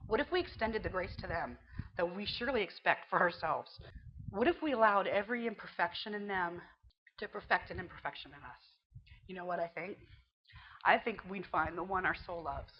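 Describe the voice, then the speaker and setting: A woman's voice: fairly low pitch, lively intonation, a little fast, muffled recording. Earnest woman giving a devotional talk. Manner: earnest, conversational, quotes scripture. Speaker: Christian teacher.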